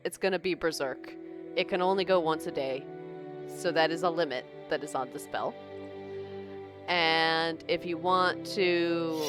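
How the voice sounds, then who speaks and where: A woman's voice: fairly low pitch, a bit bright. A woman streaming a video game, chatty and laughing often in casual commentary.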